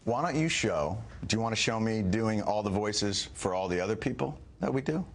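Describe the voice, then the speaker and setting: A middle-aged man defends himself in a televised interview, his voice rising and falling widely as he argues. He talks emphatically and pushes back fast, pressing each point. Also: lowish voice, expressive, a little hiss or hum. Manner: emphatic, argumentative, quick rebuttals. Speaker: comedian and guest. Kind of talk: heated TV interview debate.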